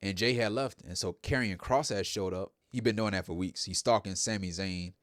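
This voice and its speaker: A man's voice: deep voice, moderate pace, fairly bright tone, dry recording, clean studio sound. A man hosting a show, giving a casual, rambling recap of a wrestling broadcast and repeating himself often. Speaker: host.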